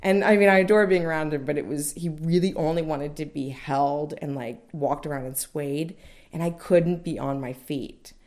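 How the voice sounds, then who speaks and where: A woman's voice: deep voice, normal speed, a little mellow. A young adult woman candidly telling a personal story in a conversational way, with many fillers. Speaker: mother recounting childbirth.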